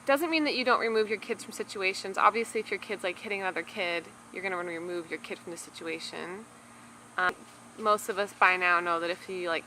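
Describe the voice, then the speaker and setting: Young mom vlogger, casual and chatty, loose filler-heavy delivery. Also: female voice, medium pitch, bright, forceful tone, slight background noise, poor audio. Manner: talkative, many filler words and restarts. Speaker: parenting vlogger reviewing a book. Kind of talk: casual chatty book review to camera.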